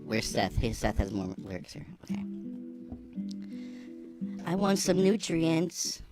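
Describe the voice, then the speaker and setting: A woman's voice: low-pitched, very animated, takes it slowly. Playful woman on a podcast riffing silly rhymes, guitar playing behind. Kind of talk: casual chat.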